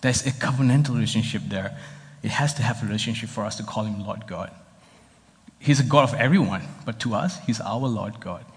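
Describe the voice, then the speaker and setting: A man's voice: fairly low pitch, fairly quick. A man pastor preaching a sermon in a conversational, explanatory way, heard in a church hall. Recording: long reverb of a hall.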